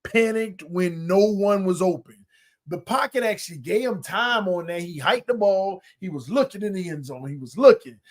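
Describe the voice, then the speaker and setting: Expressive and high-voiced, this sports podcast host speaks at a moderate pace. His play-by-play breakdowns are casual, emphatic and colloquial, with points repeated for effect.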